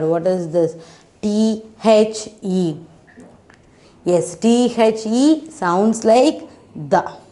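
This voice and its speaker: A woman's voice: medium pitch, mellow. A woman teaching a children's phonics lesson, spelling out letters one by one and checking in with frequent questions. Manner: patient, spells letters out slowly, asks questions; frequent "isn't it?" and "okay" checks.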